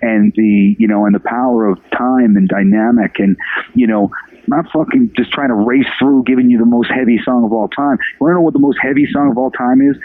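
A man's voice: mid-range voice, steady tone, a little fast, no echo. Man, interview guest, passionate, emphatic, curses freely, phone-line audio. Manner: emphatic, swears a lot, passionate. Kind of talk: casual interview. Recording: dry phone-line sound.

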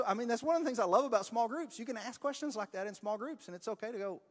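Earnest pastor preaching in a reverberant hall. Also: male voice, high-pitched, sing-song, racing, few pauses. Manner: conversational, earnest, with many fillers. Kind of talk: sermon.

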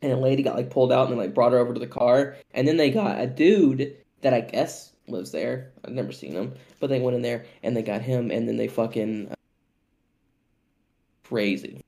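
A young man co-hosting a podcast, telling a story in casual, profane, animated chat and often laughing. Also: medium pitch, normal speed, creaky. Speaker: podcast co-host.

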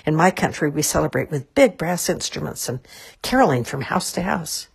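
Emphatic homesick man, husky-voiced, read by a woman. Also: low-pitched, lively intonation, moderate pace, heavily acted. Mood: nostalgic. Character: glum nostalgic immigrant man.

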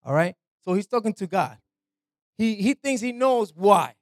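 Casual preacher checking in with listeners. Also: male voice, high voice, lively intonation, a little slow, no room sound. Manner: slangy, repeats "man" and "right". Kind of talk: informal sermon.

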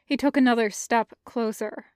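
A woman narrating a fan fiction audiobook with a measured, careful reading. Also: a little high, steady tone, a little mellow, no room sound, clean studio sound. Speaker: podfic reader.

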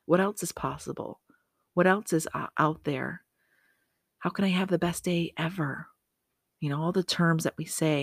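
A woman's voice: sits low, fairly even intonation, moderate pace, vocal fry, dry recording, studio quality. A woman hosting a motivational podcast, chatty and upbeat, often correcting herself and making asides to herself. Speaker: podcast host.

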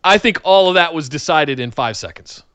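A man's voice: fairly high pitch, expressive, moderate pace, a bit bright, clear, resonant tone, dry recording. A man co-hosting a casual chat about wrestling, with wry, sarcastic asides. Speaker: podcast co-host.

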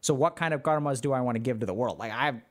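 A man hosting a livestream, explaining ideas to his chat in a relaxed, slangy way full of fillers. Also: medium pitch, fast. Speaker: livestream host answering chat. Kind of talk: casual teaching chat.

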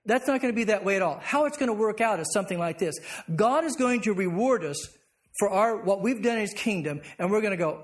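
High-voiced pastor teaching a Bible class. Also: male voice, expressive, quick pace. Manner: asks the class questions and answers them himself.

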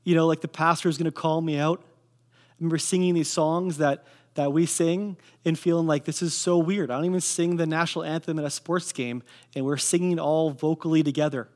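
Young Canadian man, slightly high voice, casual earnest testimony sermon. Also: steady tone, brisk. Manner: casual, earnest storytelling with fillers.

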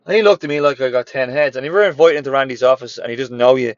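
A man who owns a gym and once worked as a personal trainer tells his story in a blunt, motivational way, cursing freely and hammering points home through repetition. His pitch sits in a middling range for a man. The sound is somewhat dull and lo-fi, and very dry with no room around it. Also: very fast, no echo. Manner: candid, swears freely, repeats phrases for emphasis.

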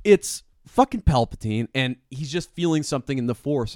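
A young man co-hosting a podcast, excitedly recapping an episode, swearing and laughing often. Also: mid-range voice, moderate pace, hardly any pauses, no echo, studio quality. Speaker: podcast co-host. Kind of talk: casual chat.

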